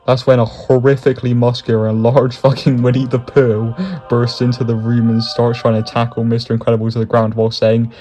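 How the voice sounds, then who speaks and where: A man's voice: medium pitch, little pitch movement, brisk, mellow, faint music behind. A man giving comedic scripted narration, swearing often and chuckling through his lines. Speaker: YouTube narrator.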